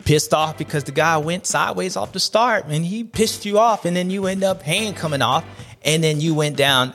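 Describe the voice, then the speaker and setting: A man's voice: on the high side, a bit bright. A man hosting a race recap show, riffing in playful slang and repeating his catchphrases. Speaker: host of a supercross recap show. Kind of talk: animated casual commentary.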